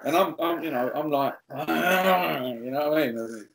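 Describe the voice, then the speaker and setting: A man's voice: a little high, a little slow, creaky, echoey room, crowd noise, poor audio. A male pastor, telling humorous stories as a podcast guest and acting out the dialogue. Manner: lively, jokey, acts out quoted dialogue. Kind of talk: humorous storytelling.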